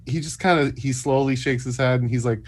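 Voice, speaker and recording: A man's voice: medium pitch, fairly even intonation, fairly quick. A man playing in a tabletop game over a voice call, rambling and joking, often stumbling over his words. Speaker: player.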